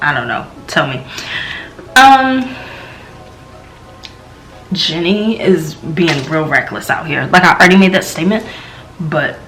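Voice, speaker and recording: A young woman from the American South, with a light Southern accent, reviews a TV episode in a slow, low-key, rambling style packed with fillers. Her tone is fairly bright, and the recording quality is low.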